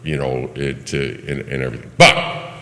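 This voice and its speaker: A man preaching to a congregation, telling a personal story in an animated way, acting out the voices of the people in it and laughing now and then. His voice sounds bright and forward, and a long reverb from a big church hall trails after each phrase. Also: very deep voice, normal speed. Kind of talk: sermon storytelling.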